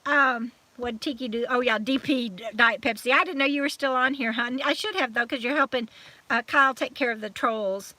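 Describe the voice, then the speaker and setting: A woman hosting a live stream chat, warmly thanking viewers by name and trailing off with fillers as she signs off, still a little emotional from crying. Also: a little high, fairly quick, no echo. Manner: chatty and affectionate, reading out viewer comments with many fillers.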